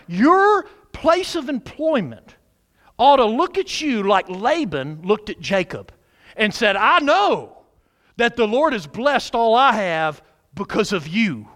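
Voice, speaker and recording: A middle-aged man with a high-sitting voice preaches a sermon as a pastor, questioning the congregation and supplying the answers. His delivery swings from loud exclamations to quiet asides.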